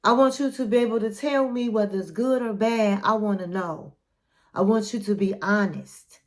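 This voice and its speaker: A woman's voice: medium pitch, moderate pace, close to an everyday voice. A woman voicing an emotional, pleading woman in love while retelling a scene.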